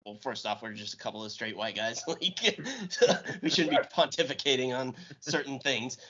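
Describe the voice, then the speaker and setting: Male co-host, casual banter, lively pitch, quick laughs, a bit lo-fi. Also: husky. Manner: chatty, laughs often. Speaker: podcast co-host. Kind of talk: casual podcast chat. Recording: slightly muffled podcast audio.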